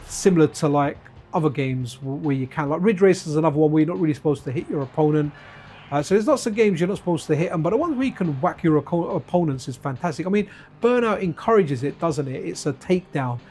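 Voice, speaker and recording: A man's voice: a little high, a little mellow, slight background noise. A man chatting casually to his viewers on a live stream while playing retro games, wandering off into side stories and addressing chat by name.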